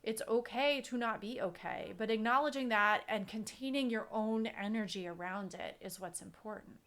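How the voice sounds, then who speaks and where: A woman's voice: a little high, moderate pace, fairly bright tone. Earnest, emphatic woman podcast host. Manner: earnest, emphatic, repeats key phrases. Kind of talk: casual chat.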